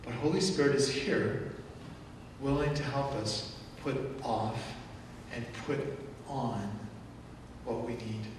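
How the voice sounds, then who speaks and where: A male pastor delivers his sermon in a casual, animated way, jumping into little acted outbursts. He is heard from a distance in a large church with a long reverb. A faint rumble runs under his voice. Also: slow pace, long pauses. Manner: animated, acts out angry outbursts in quotes. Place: church sanctuary. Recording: echoey church hall from far off.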